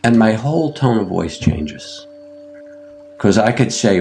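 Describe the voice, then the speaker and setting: Older american guy, meditation teacher, deep raspy-ish voice, slow gentle interview talk. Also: very animated, a little hiss or hum. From United States. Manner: gentle, unhurried, pauses with fillers. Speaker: meditation teacher, podcast guest.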